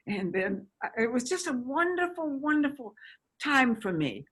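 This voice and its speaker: A woman in her nineties, an actress reminiscing in a chatty, halting way over a video call. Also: fairly high pitch, sing-song, fairly bright tone, breathy edge. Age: 90s. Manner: chatty, halting with restarts and laughter. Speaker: actress guest. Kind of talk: casual interview reminiscing.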